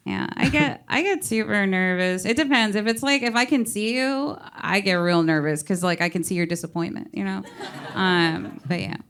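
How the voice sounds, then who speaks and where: A female comedian on a panel, talking in a bubbly, animated way with frequent laughs. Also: medium pitch, moderate pace, clear, resonant tone. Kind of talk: panel discussion.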